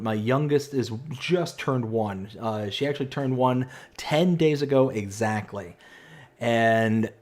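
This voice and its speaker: A man in his thirties streaming a farming game live, chatting excitably and reading viewer messages aloud. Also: medium pitch. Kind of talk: live stream chat while playing.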